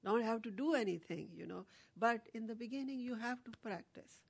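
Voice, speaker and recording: A woman's voice: on the high side, fairly quick, vocal fry, husky. A woman teaching meditation to a small group, explaining with many fillers and restarts. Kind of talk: lecture with audience questions.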